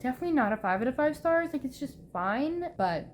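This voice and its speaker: A young woman vlogs from a room at home about the books she's reading, gushing and rambling with plenty of "like." Her voice is high, animated and quick, and the sound quality is poor.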